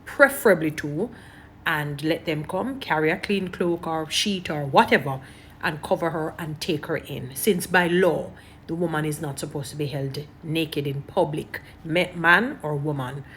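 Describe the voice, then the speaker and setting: A woman's voice: low-pitched, a little slow, a bit bright, slight background noise. A woman with a Jamaican accent giving emphatic, preachy commentary, repeating her points to her online audience. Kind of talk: casual commentary to camera.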